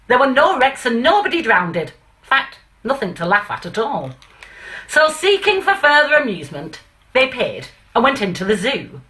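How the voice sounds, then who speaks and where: A woman reads an old comic monologue aloud in a put-on northern English accent. Her voice is bright and forward, and her pitch swings widely through the verses. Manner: chatty, hesitant intro with many fillers. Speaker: reader of a comic monologue poem.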